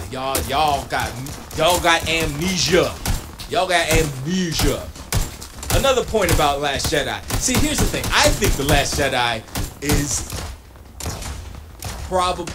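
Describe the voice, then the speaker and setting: Streamer, male, lively, swoops up and down, slangy trash talk, music behind. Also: on the high side, unhurried. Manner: animated, trash-talking, slangy. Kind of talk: casual live-stream chat while gaming.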